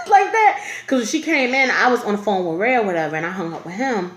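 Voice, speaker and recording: In a casual vlog recorded in an echoey room, a woman tells a personal story and acts out the other voices in it. Her voice is fairly high and fast, and she's animated and laughing as she speaks.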